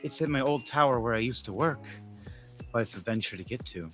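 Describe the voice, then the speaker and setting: A man voicing a flirtatious, teasing snake-haired woman who talks low and hushed, with faint music behind. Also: takes it slowly. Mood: conspiratorial.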